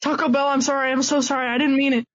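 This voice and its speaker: A man's voice: extremely high pitch, flat delivery, fast talker, fairly bright tone. A man co-hosting a casual chat, goofing around with over-the-top, rambling fake apologies. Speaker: co-host. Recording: dull lo-fi borrowed mic.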